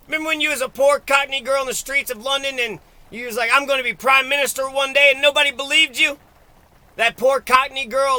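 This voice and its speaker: A man's voice: very high-pitched, pushed and bright, dry recording. A man giving a crude, profane and mocking solo political rant. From United States. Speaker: political commentator.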